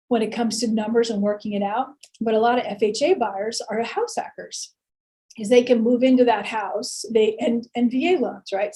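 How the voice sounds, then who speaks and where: Woman instructor, casual lecture, rather high voice, mellow, chatty with fillers. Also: rough recording. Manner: chatty, many fillers and restarts, rhetorical questions. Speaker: real estate instructor.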